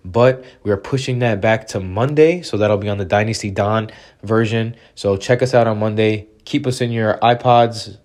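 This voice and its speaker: Low male voice, a bit sick, upbeat podcast promo read. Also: darkish tone. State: slightly sick voice. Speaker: podcast host. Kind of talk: scripted show intro and promo read.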